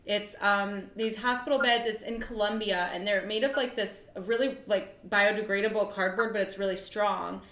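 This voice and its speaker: A woman's voice: medium pitch, steady tone, normal speed, few pauses, a bit bright. Chatty young woman in an echoey room. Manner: chatty, giggly, rambling. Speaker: podcast co-host. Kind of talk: casual chat.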